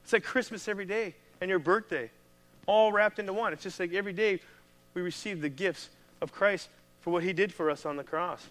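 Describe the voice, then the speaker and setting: With a voice that sits high, this Midwestern American pastor keeps his sermon conversational and full of energy.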